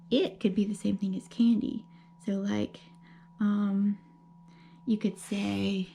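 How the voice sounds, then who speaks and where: A woman with a gravelly voice and a dark, mellow tone teaches young children at an unhurried pace. She explains gently and patiently, checking often that they follow. A faint hum sits behind her. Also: mid-range voice, dull audio. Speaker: elementary school teacher. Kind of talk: remote grammar lesson for young children.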